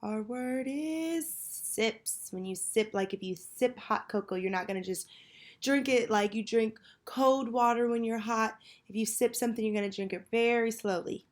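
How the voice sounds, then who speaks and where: A woman teacher leading a children's phonics lesson, patiently prompting and pausing for answers. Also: a little high, steady tone. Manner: slow, patient, call-and-response prompting.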